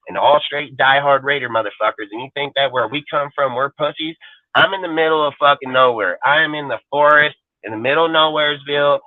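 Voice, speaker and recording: A man's voice: medium pitch, no echo. Profane man ranting over a tinny line. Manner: profane, aggressive, taunting. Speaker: show panelist. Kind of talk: angry livestream rant. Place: home in a rural forest area. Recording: tinny, dry phone-like line.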